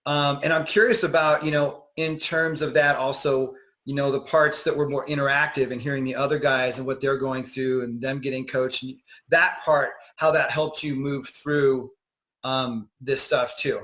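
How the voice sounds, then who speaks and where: A man's voice: medium pitch, level tone, moderate pace, a bit bright, rough recording. Encouraging male dating coach. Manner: encouraging, with many fillers. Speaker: dating coach interviewing a client. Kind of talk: casual interview.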